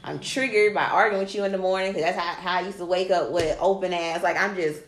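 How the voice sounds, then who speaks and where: Animated woman telling a story, echoey room. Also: lowish voice, quick pace. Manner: animated, swears freely, quotes people in dialogue. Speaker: podcast co-host. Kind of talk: casual storytelling chat. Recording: echoey room with faint noise.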